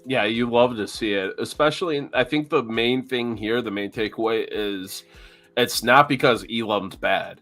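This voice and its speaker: A man co-hosting a podcast, giving animated fan opinions in casual chat. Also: medium pitch, normal speed. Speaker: podcast co-host.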